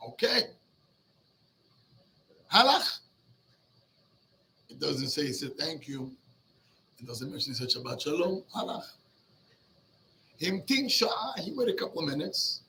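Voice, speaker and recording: A rabbi tells a Talmud story with lively, theatrical energy, slipping between Hebrew and English. His voice is high-pitched and very bright, with a gravelly edge. A faint hum of noise sits under the recording. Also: moderate pace, pauses often. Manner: lively, mixes Hebrew and English, acts out the characters. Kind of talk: animated storytelling lesson.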